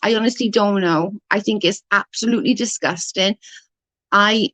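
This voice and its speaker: A woman's voice: medium pitch, normal speed, a bit bright, no room sound. Outraged woman ranting on stream. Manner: outraged, emphatic, reads and answers chat. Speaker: live-stream commentator. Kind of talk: ranting live-stream commentary.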